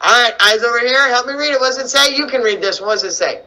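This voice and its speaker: A woman teaching young children to read over a video call, animated and coaxing, full of questions. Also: a little high, fast talker, rough recording. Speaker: kindergarten teacher. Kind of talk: online reading lesson for young children. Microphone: computer mic on video call.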